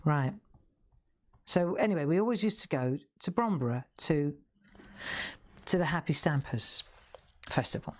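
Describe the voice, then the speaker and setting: A woman's voice: deep voice, lively intonation, unhurried, pauses often. A woman hosting a live craft stream, telling rambling anecdotes as she colours. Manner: rambling, chatty storytelling with laughs. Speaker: craft show host. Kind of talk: casual live-stream chat while colouring.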